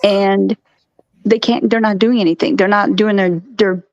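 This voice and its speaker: A woman with a gravelly, fried edge to her voice co-hosts a casual live stream and tells stories with animation. Her pitch sits in the middle range. The sound is dull and dry, like a lo-fi stream feed. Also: moderate pace, dry recording. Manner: animated storyteller, acts out quotes. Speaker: co-host.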